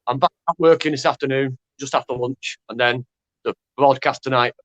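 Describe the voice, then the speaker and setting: A man with a Northwest England accent, chatting as a guest gardener on a video call, deadpan and halting with restarts. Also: medium pitch, dry recording. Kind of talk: casual chat.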